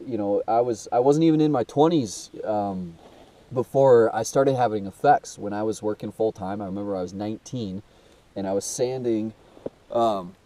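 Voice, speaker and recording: A man's voice: mid-range voice, dark tone, far from the mic. A young man talking to camera in a rambling, emotional monologue, swearing and calling the listener dude, with a blocked nose. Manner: casual and swearing, calls listener dude, many restarts and fillers. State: blocked nose, trouble breathing. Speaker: self-made video host.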